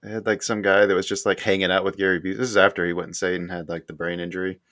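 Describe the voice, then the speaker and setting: A man's voice: deep voice, flat delivery, rapid-fire, a bit bright, dry recording, clean studio sound. A man in casual podcast chat, joking and laughing along with his friends.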